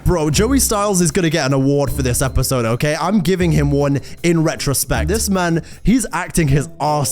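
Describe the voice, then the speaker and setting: A man's voice: on the high side, moderate pace, few pauses, soft background music. A man in his twenties hosting a profane, sarcastic reaction commentary. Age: 20s. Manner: sarcastic, animated, swearing freely. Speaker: video host.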